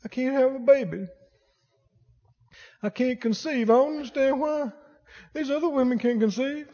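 A man voicing a grieving childless woman who speaks softly in despair. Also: very high-pitched, moderate pace, big-room sound, highs cut off.

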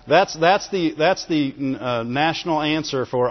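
Slightly high and a touch slow, the male pastor talks through his sermon casually, frequently laughing and asking the congregation for amens. The audio is dull and lo-fi, with the echo of a reverberant hall.

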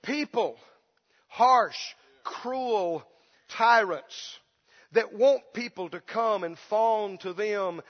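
Male preacher, very high voice, impassioned sermon, whimpering imitations, long hall echo, dull lo-fi sound. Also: drawn-out words. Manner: impassioned, mimics pleading beggars in a whimper.

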